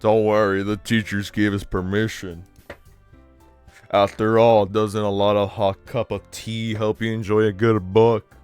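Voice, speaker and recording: A man's voice: fairly low pitch, flat delivery, a little slow, a little mellow, clean tone, soft background music, lightly acted. A man voicing a shy, polite, bookish teenage girl while reading a game aloud.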